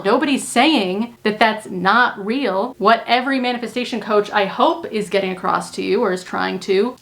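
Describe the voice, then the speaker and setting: A young woman talking to camera as a manifestation coach, earnest and emphatic, repeating points for stress. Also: mid-range voice. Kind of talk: casual talk to camera.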